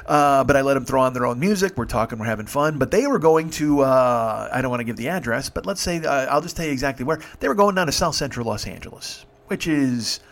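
A man talks quickly through a casual storytelling monologue. His voice sits at a middle pitch, and he swears freely as he acts out both sides of each exchange. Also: animated, gravelly. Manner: profane, conversational, acts out both sides of dialogue. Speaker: rideshare driver telling stories.

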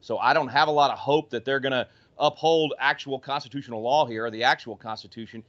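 A man's voice: medium pitch, fast, a bit bright, lo-fi sound. A male guest giving heated, emphatic political commentary. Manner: fiery, emphatic.

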